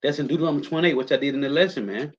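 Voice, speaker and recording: A man's voice: fairly high pitch, rapid-fire, dull audio. A man teaching a scripture lesson, commenting on film clips in an informal, preachy way, often adding "man" and "right?". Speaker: religious teacher.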